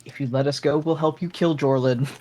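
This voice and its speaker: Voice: mid-range voice, fairly even intonation, fairly quick, warm tone. A tabletop game player who speaks hesitantly, thinking aloud with fillers. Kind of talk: casual game chat.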